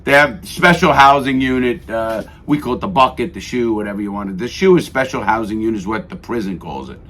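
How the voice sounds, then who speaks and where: A middle-aged man telling prison stories on a radio show, profane and animated, cursing freely. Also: fairly low pitch, fairly quick. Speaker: guest. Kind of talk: radio interview storytelling.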